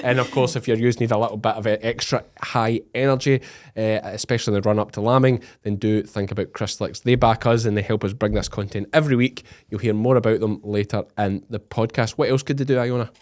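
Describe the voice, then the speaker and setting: A man's voice: lowish voice, steady tone, fast, hardly any pauses, darkish tone. A man with a Scottish accent hosting a farming podcast in casual chat, joking and teasing his co-host. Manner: jokey, teasing banter.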